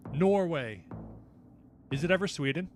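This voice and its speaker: A man's voice: a little high, animated, measured pace, slight background noise. A man streaming a geography guessing game, talking to himself, self-mocking and blurting out at his misses. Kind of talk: live game commentary.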